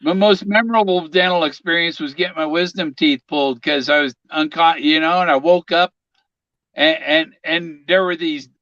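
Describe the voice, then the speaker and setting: A man's voice: fairly high pitch, normal speed, a bit bright, no echo. A man in casual chat, joking and giggling often. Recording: dull, dry lo-fi sound.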